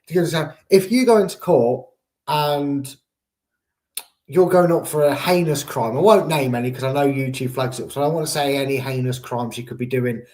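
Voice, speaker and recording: A man's voice: mid-range voice, fairly quick, a little mellow, a little hiss or hum. A man co-hosting a casual football chat, rambling with jokes and playful made-up euphemisms. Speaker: co-host and pundit. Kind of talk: casual discussion.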